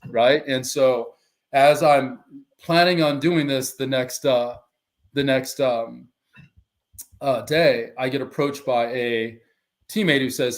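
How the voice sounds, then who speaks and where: A man's voice: medium pitch, slow. Storytelling man on a podcast. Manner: animated storyteller acting out quoted dialogue. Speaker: guest, former pro football player and life coach.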